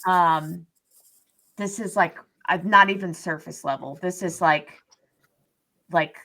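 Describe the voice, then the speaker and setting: A woman with a lowish voice chats casually on a podcast, circling back on herself with plenty of "um" and "like." She explains from her own experience in an easygoing, meandering way. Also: fairly even intonation, slow pace, fairly bright tone. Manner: rambling, many fillers and restarts; explains tarot practice from experience. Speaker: podcast co-host. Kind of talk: casual chat.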